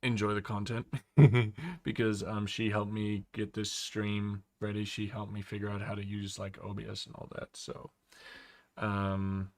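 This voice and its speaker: A man's voice: on the low side, monotone, a little slow, darkish tone, dry recording. A young Australian man chatting casually on a live stream, rambling and opinionated with lots of fillers.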